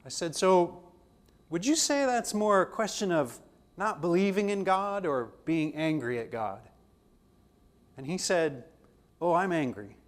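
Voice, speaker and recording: A man teaching a theology class, his voice a little higher than most men's. He talks conversationally and slips into the voices of people in the stories he tells. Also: expressive, unhurried, long pauses. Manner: conversational, acts out dialogue in anecdotes. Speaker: theology lecturer.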